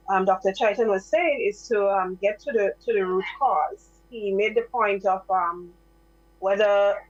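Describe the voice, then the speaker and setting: Measured woman host, dull dry sound. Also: medium pitch, dry recording. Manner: measured, with frequent ums. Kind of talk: talk show discussion.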